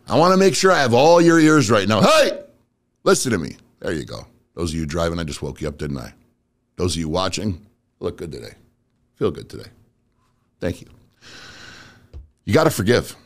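A man giving a casual motivational talk to viewers, speaking bluntly and directly with street slang. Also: on the low side. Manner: blunt, direct, street-casual, addresses audience as bro and guys. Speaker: motivational speaker and auto business owner.

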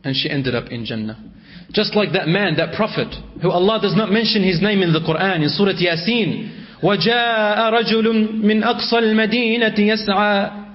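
High-pitched guy preaching a story sermon, goes loud then quiet, muffled lo-fi audio. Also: expressive, normal speed. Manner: storytelling, swings between raised and hushed. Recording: dull lo-fi recording.

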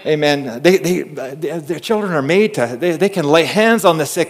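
Man preaching in a higher voice. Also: normal speed, hardly any pauses. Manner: swings from hushed asides to loud emphatic calls, with frequent amens; repeats and restarts words while storytelling. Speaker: pastor. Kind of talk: conversational sermon.

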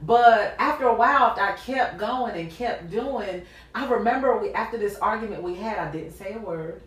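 In an echoey room and away from the mic, a woman with a medium-pitched voice talks at normal speed. She hosts a casual faith podcast, vividly recounting a personal story, performing the dialogue and laughing frequently.

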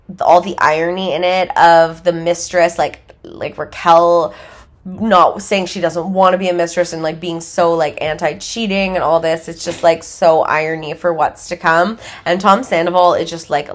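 A young woman recaps a reality show on her podcast, her speech loose and chatty with filler words and frequent laughs. Her voice sits a little low. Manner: chatty, full of "like" fillers, laughs while telling. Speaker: podcast host.

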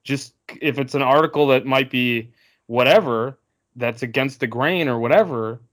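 A man's voice: mid-range voice, normal speed, a bit bright. Rambling man in casual sports talk. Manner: rambling, many fillers and restarts. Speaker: podcast co-host.

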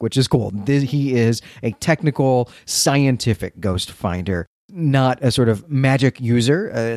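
A man's voice: mid-range voice, darkish tone, dry recording, clean studio sound. A man co-hosting a podcast, casually retelling a story's plot and breaking in with his own commentary. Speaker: podcast co-host. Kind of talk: casual literary discussion.

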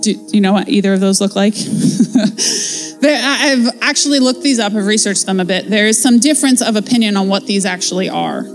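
A woman's voice: medium pitch, brisk, faint music behind. A woman giving a casual, conversational devotional Bible teaching in a chatty, playful way.

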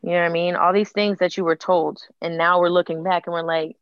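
A woman's voice: lowish voice, a little fast, no echo, dull audio. A woman in her late twenties talking candidly and openly in conversation, telling stories with acted-out quotes. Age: late 20s. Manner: open, animated storytelling with acted quotes.

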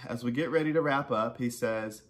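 A man's voice: mid-range voice, brisk. A man hosting a podcast, telling a personal story in a casual, conversational way, full of asides, getting heated when angry. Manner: conversational, many "you know" and "right?" asides. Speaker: podcast host.

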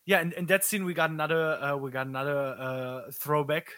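A man co-hosting a podcast, excitedly retelling movie scenes in casual chat. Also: a little high, brisk, clear, resonant tone, no room sound. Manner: excitable, full of fillers and restarts. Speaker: podcast co-host.

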